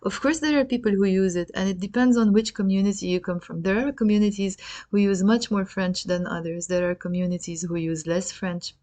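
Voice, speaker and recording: A woman's voice: medium pitch, steady tone, fairly quick, mellow. Chatty Lebanese woman explaining a lesson. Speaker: language teacher.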